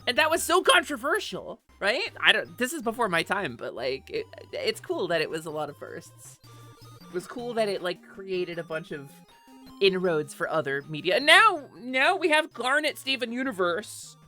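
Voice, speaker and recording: A woman's voice: mid-range voice, very animated, moderate pace, pushed and bright, soft background music. A woman streamer chatting casually and animatedly on a live stream, swearing offhand and laughing often. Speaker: Twitch streamer.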